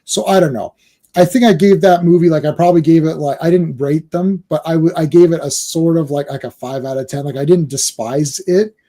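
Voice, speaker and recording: Mellow-voiced man, emphatic chat. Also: a little high, a little fast. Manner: emphatic, acts out quotes in his retellings. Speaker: podcast co-host. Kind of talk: casual chat.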